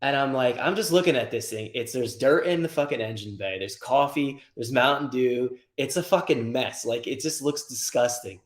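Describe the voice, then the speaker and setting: A man in a roomy, echoey space tells a rambling shop story with plenty of swearing and animated energy. His pitch sits in the middle for a man, and the delivery stays conversational. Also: moderate pace, few pauses. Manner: profane, animated anecdote-telling. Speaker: guest, car tuner. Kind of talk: casual storytelling.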